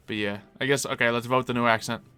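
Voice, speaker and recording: A man's voice: medium pitch, fairly even intonation, fast talker, pushed and bright, clean tone, faint music behind. A man streaming a game live, chatting casually and answering viewers as he plays. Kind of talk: casual live-stream chat while gaming.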